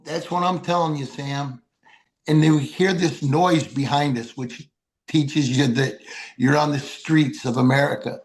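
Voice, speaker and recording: A man's voice: a little high, steady tone, unhurried. An older man, a podcast guest, telling folksy, heartfelt stories and reciting poems. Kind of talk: storytelling interview.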